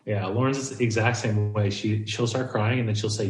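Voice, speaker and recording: A man's voice: fairly low pitch, steady tone, fairly quick, few pauses, echoey room, low-quality recording. A man rambling casually as a podcast guest over a video call, full of "like" and easy laughter. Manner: rambling, lots of "like", laughs easily.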